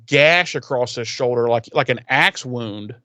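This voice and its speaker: Recapping a TV episode on a podcast he co-hosts, a man talks in a mid-range, pushed, bright voice with no room sound. His casual chat is rambling and profane, and he quickly voices the characters as he retells scenes.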